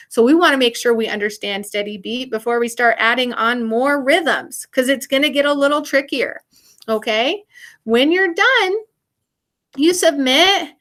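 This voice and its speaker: An upbeat woman music teacher walks young children through an online lesson step by step. Her voice sits a little high and sounds bright and forceful, with patient, encouraging explanations.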